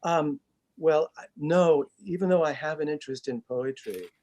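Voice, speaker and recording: A man's voice: a little high, moderate pace, darkish tone. A man, a stage actor, chatting in an interview over a video call, self-deprecating and full of restarts. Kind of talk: casual interview chat.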